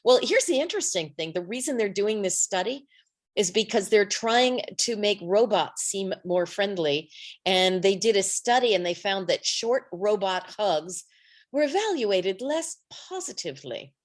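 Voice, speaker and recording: A woman's voice: medium pitch, expressive, a little slow. A woman co-hosting a podcast, chatting playfully and laughing easily. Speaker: podcast co-host. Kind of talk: casual chat.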